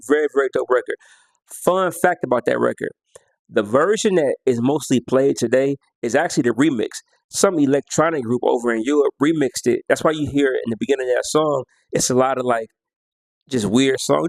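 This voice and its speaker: Laid-back man with a gravelly voice. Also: medium pitch, animated, moderate pace, no echo. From United States. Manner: laid-back, slangy, half-sings lyrics and beats. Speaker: music vlogger. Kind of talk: casual countdown commentary.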